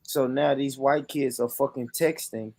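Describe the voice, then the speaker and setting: A man's voice: medium pitch, steady tone, measured pace, darkish tone, no echo. An American man streaming a casual reaction chat, laughing often and swearing emphatically. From United States.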